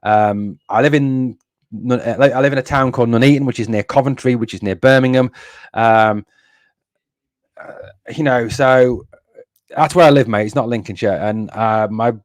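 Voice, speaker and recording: A man from northeast England hosts a fan live stream in a mid-pitched voice. He rants bluntly and with exasperation, swearing and circling back over the same points, and reads viewer comments aloud. The sound is dry and close. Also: moderate pace, long pauses, no echo. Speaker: fan channel host.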